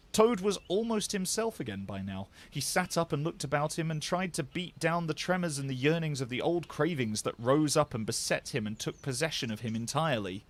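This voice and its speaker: A male voice actor reading a bedtime story aloud, expressive and animated. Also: on the high side. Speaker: voice actor, narrator.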